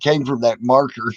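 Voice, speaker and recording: A man's voice: medium pitch, dry recording. A man hosting a casual podcast chat, laid-back and blunt, laughing often. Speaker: podcast host. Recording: dry lo-fi audio.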